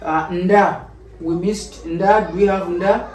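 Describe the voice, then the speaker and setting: Ugandan-accented tutor, unhurried drill delivery, distant mic in a roomy space. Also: mid-range voice, steady tone, a little mellow. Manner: patient, repeats each phrase several times. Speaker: language teacher. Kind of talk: slow spoken language lesson. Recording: echoey room, mic at a distance.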